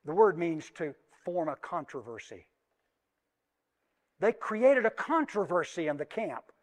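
A man preaching a sermon with a slightly higher voice, swinging from soft asides to loud, emphatic peaks. He puts questions to his congregation as he speaks. His voice carries a long reverb from a large church hall. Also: very animated, measured pace.

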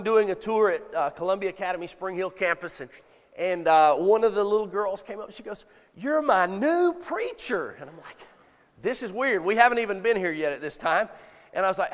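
Guy preaching a folksy sermon, kinda high voice, big echoey church sound. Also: fairly bright tone. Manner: folksy, self-deprecating, repeats words when thinking. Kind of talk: sermon with congregation call-and-response. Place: church sanctuary with long reverb. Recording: long hall reverb.

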